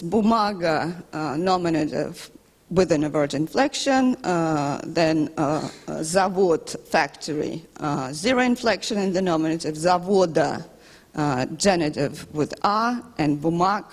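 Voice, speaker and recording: A woman researcher giving an academic conference talk, hesitant and full of filler sounds and restarts. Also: on the low side. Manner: self-deprecating asides. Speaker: linguistics researcher presenting a study. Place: lecture hall. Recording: long hall reverb.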